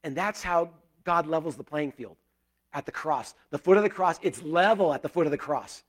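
A middle-aged man delivers a sermon in an earnest, conversational way. His voice sits a little high, and he swings from loud, excited bursts down to soft, prayerful murmurs. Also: moderate pace. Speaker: pastor.

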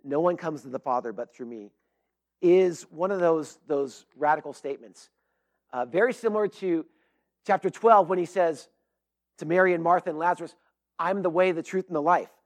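A man's voice: fairly high pitch, normal speed. A middle-aged man preaching a sermon as pastor, earnest and emphatic, with frequent fillers and restarts.

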